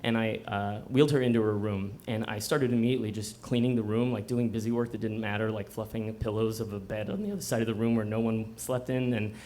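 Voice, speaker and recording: A man's voice: fairly low pitch, fairly even intonation, fast talker, few pauses, a little mellow. A man telling a personal story at a live bookstore story slam, conversational and self-mocking, often slipping into laughter. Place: bookstore event before a live audience.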